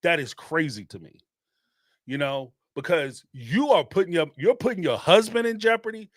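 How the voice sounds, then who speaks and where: Brief: middle-aged male host, high-pitched, dry close mic, emphatic slangy commentary. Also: normal speed, no room sound. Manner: animated and emphatic, street slang, repeats phrases for emphasis. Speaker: host of a live call-in show. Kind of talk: casual spoken commentary.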